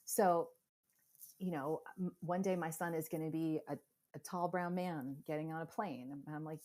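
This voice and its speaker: A woman in her forties telling animated stories in a casual interview, acting out other people's voices as she goes. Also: on the low side, normal speed. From United States. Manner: animated storyteller, acts out quoted voices. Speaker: podcast guest, psychotherapist.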